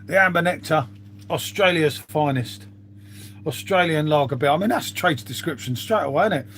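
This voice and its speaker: A man's voice: on the high side, lively intonation, normal speed, fairly bright tone, slight background noise. A middle-aged man, chatting casually to viewers on his live stream, swearing freely and calling them mate.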